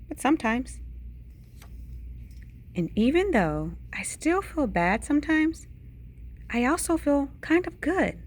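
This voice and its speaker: A woman reads a bedtime picture book aloud in an unhurried, storytelling rhythm, her voice rising and falling in wide, lively swings. A gravelly edge of vocal fry creeps into her lower notes, and now and then she drops to a hushed whisper for effect. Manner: dramatic storytelling with sudden hushed whispers and big pitch swings. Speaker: teacher reading aloud.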